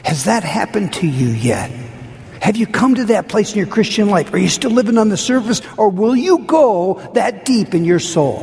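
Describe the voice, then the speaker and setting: A slightly high, gravelly man preaches an earnest sermon, swinging between urgent questions and hushed prayer. His voice carries in a long hall reverb with faint noise behind. He pleads with the congregation as their pastor. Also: expressive, normal speed. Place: church sanctuary.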